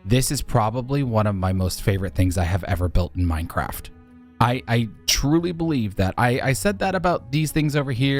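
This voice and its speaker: Animated man joking through a build. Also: moderate pace, faint music behind. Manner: animated and jokey, voice jumping high when exclaiming. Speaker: Minecraft YouTuber. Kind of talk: casual gameplay commentary.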